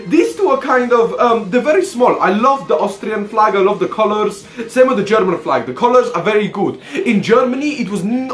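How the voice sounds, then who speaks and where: A man's voice: very high-pitched, roomy sound. A young man casually showing off his collection to viewers, brash and sweary, calling everyone "comrades" in a playful persona. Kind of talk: casual comedic vlog.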